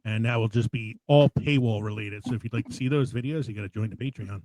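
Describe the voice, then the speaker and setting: A man hosting a casual podcast, telling a dramatic deadpan story before loose, chatty banter. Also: fairly low pitch, fast, no echo, rough recording. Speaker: podcast host. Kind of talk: casual podcast chat with a comic spoken intro.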